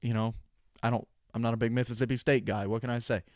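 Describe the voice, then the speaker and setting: A man's voice: medium pitch, little pitch movement, fast talker, darkish tone, dry recording. Joking young man, dry close mic. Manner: joking, sarcastic, opinionated. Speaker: podcast host. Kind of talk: casual sports talk.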